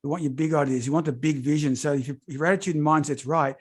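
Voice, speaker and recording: A man's voice: fairly high pitch, steady tone, fast talker, breathy edge. A middle-aged man hosting a podcast interview, effusive and upbeat, often repeating his praise. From Australia. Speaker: podcast host. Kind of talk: enthusiastic interview chat.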